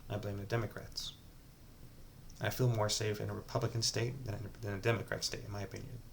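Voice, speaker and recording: A low-voiced man with a gravelly, creaky edge talks straight to his camera at home, rambling and restarting his sentences as he confides. A faint hiss of room noise sits under his voice. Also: little pitch movement, fairly quick. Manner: rambling, hesitant, many restarts and "like". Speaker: vlogger. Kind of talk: casual confessional monologue to camera.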